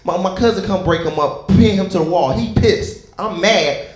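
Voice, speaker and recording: A young man does a loose, conversational stand-up set in an echoey comedy club, chatting with the crowd between stories. His voice is high-pitched and his pace is normal.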